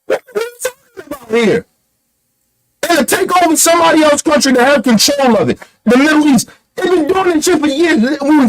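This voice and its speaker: A man's voice: very high-pitched, slight background noise, rough recording. A man giving a heated, profane commentary rant, blunt and emphatic, firing off rhetorical questions. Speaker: online commentator.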